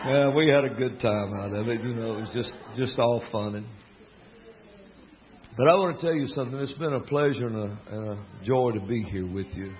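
Drawling and joking, this Alabama gospel singer and preacher spins folksy pulpit stories peppered with asides. He talks in a mid-range voice, a little fast. The highs are cut off, and crowd noise can be heard.

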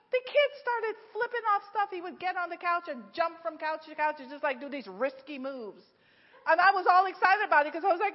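A middle-aged woman preaching a sermon at her church, telling stories in a lively way with frequent laughs and lots of "like". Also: very high-pitched, a little fast. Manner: lively storytelling, laughs often, many "like"s. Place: church sanctuary. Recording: echoey hall, dull lo-fi sound.

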